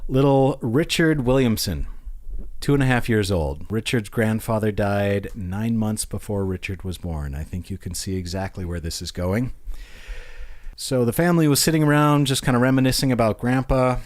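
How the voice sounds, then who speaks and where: A man's voice: on the low side, moderate pace. Brief: male podcast host, amused, casual storyteller. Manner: animated, amused, acts out quotes.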